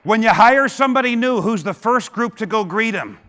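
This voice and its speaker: A man's voice: high voice, expressive, moderate pace, sharp tone. A middle-aged man giving a punchy, joking motivational keynote speech, firing rhetorical questions at a conference audience. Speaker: keynote speaker. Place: large conference hall with audience. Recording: long hall reverb.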